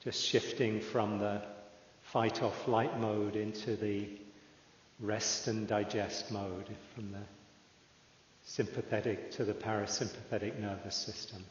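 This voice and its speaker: Calm low-voiced man guiding meditation. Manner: slow, calm, with long pauses. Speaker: meditation teacher. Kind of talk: guided meditation. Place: meditation hall. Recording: echoey hall, dull lo-fi sound.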